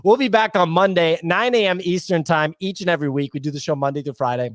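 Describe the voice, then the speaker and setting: A man's voice: fairly high pitch, quick pace, no echo, clean studio sound. A man hosting a podcast in a loose, joking chat, reading out listener comments. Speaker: podcast host.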